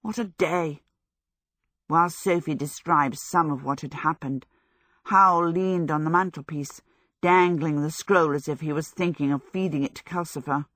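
A woman narrating a storybook in a low, measured voice. The sound is close and dry, with no room around it, and she keeps a steady storytelling rhythm. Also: no room sound. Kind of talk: audiobook narration.

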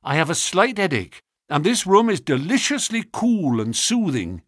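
A gentle young woman speaks softly and politely, her voice lifted high and moving lightly, as a man reading the story does her. The sound is close and dry. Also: sing-song, normal speed, breathy edge, no room sound, full character voice.

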